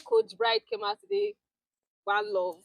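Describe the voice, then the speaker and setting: A woman's voice: extremely high pitch, a little slow, gravelly, no echo, rough recording. Nigerian woman chatting, swoops all over, acts out what people said, laughs a lot. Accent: Nigerian English. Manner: animated storyteller, acts out quotes, laughs often. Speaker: teaching fellow sharing experience. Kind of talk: casual group chat.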